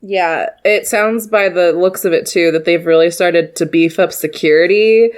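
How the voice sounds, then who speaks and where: Woman podcaster, wry and dry, slightly low pitch. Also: normal speed, smooth. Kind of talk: casual chat.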